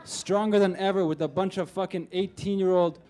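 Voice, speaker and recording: A young man in his twenties works a comedy club crowd through a stage mic, his voice sitting a little on the high side. He talks in a loose, profane, conversational way, slipping into the voices of the people in his stories. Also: fairly even intonation, fairly quick, mellow. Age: 20s. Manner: profane, conversational, acts out quoted characters. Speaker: stand-up comedian. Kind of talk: stand-up comedy set.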